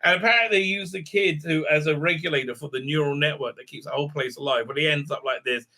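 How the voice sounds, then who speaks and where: A man's voice: fairly high pitch, quick pace, bright, forceful tone. Rambling man recapping a show. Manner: rambling, acts out characters' lines; many filler sounds and restarts. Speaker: host. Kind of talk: casual recap and review.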